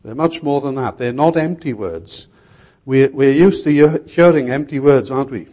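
A man's voice: medium pitch, moderate pace, dark tone. An older man preaching a sermon in an earnest, emphatic way, repeating key words.

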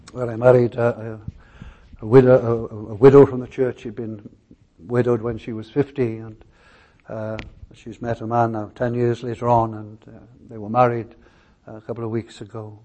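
A male pastor preaching a sermon, telling stories in a halting way with many restarts and fillers. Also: medium pitch, level tone, warm tone, highs cut off.

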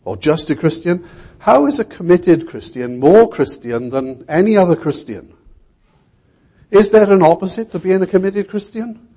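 Man, preacher, expository sermon, husky, rhetorical questions. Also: high voice, lively intonation, dark tone. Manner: measured, asks the congregation rhetorical questions.

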